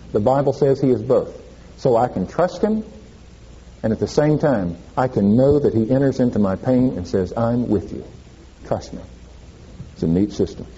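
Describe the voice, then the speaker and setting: A man's voice: a little high, dark tone, breathy edge, lo-fi sound. A male preacher giving a sermon, asking the congregation questions and answering them himself.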